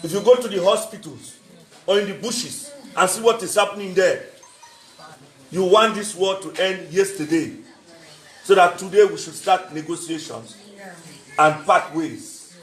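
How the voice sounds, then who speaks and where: A man's voice: high-pitched, measured pace, pauses often, a bit bright, reverberant, low-quality recording. A man giving an earnest, emphatic speech at a book launch, repeating phrases for weight. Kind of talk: public speech.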